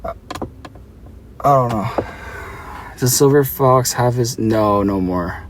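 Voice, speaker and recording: A young man with an Australian accent runs a casual live stream from his car, joking around and responding to chat messages. He speaks slowly at a medium pitch, with a little hiss or hum present.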